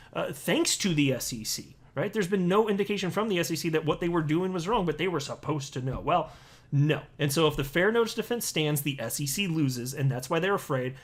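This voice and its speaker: A man talks through his crypto commentary in a blunt, scornful way, often restarting his sentences. His voice sits a little higher than most men's. He delivers it as a casual monologue.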